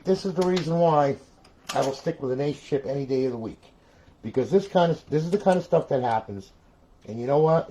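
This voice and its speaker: A man's voice: mid-range voice, warm tone, slight background noise. A man live-streaming a console repair, ranting in frustration, repeating himself and talking straight to his viewers.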